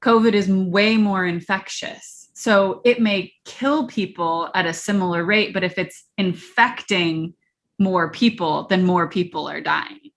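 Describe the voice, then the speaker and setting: A woman's voice: on the low side, measured pace. A woman in a recorded conversation with her mother, explaining her view patiently and earnestly. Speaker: daughter arguing on a phone call.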